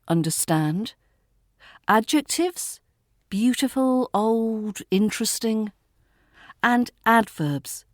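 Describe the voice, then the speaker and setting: A woman with a British RP accent, teaching a pronunciation lesson and modelling example sentences slowly and deliberately. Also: mid-range voice, no room sound, clean studio sound. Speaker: accent coach.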